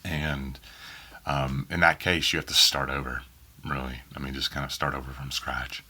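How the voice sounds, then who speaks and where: A man's voice: a bass voice, little pitch movement, normal speed, sharp tone, breathy edge. A man from Oklahoma with a faint Southern accent, an audiobook narrator answering interview questions in a rambling way full of ums. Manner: rambling, many ums and restarts. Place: small home booth in a spare bedroom.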